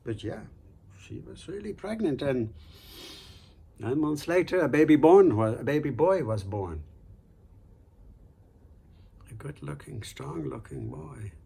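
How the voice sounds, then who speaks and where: A man hosting a storytelling show, telling a folk tale in an unhurried, conversational way. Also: a little high, lively intonation, creaky, mellow, slightly rough. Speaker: storyteller host.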